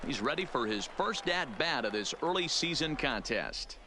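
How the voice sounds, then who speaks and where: A man voicing a baseball play-by-play announcer in a video game, with a measured broadcast delivery. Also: mid-range voice, lively intonation, lightly acted. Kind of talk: video game sports commentary. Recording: game audio under crowd noise.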